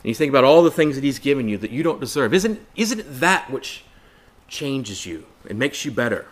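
Male Bible study preacher, earnest and rhetorical, with a lively voice that rises and sinks a lot. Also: mid-range voice, brisk. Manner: earnest, rhetorical questions, repeats phrases for emphasis; addresses listeners as brothers and sisters.

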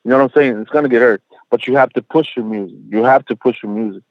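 A man's voice: mid-range voice, fast, dry recording, narrow, tinny audio. A man speaking as a rapper guest in a casual interview, slangy and profane, leaning on "bro" and "you know what I'm saying," and mixing in Spanish phrases.

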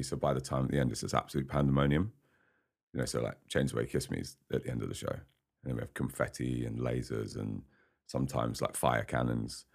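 In a casual studio interview, a male singer-songwriter appears as a podcast guest, rambling along and frequently laughing. His voice rumbles low with a creaky quality.

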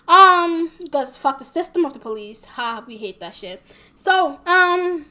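A woman's voice: sits high, expressive, a little slow, bright, forceful tone. A young woman rambling casually in a vlog, packing her talk with fillers and swearing a lot. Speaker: vlogger.

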